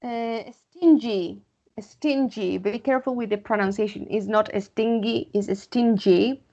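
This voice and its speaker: A woman from Spain with a Spanish accent, teaching English vocabulary online, repeating words slowly and checking in with "okay?". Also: medium pitch, darkish tone, muffled recording. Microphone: computer mic.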